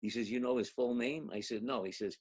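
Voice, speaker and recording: An older man, an actor guest, telling a long anecdote in an animated way, acting out the quotes and laughing often. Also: medium pitch, brisk, slightly rough. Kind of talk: anecdotal storytelling.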